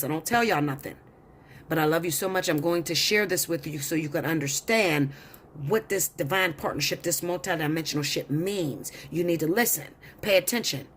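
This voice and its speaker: A woman's voice: lowish voice, a bit bright, slight background noise. A woman tarot reader telling a long story in a blunt, profane, insistent way. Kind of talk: storytelling monologue.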